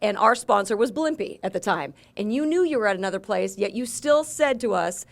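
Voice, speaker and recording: A woman hosting an interview, brisk and direct, pushing back on and teasing her guest. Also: medium pitch, animated, vocal fry. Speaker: podcast host. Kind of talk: casual interview talk.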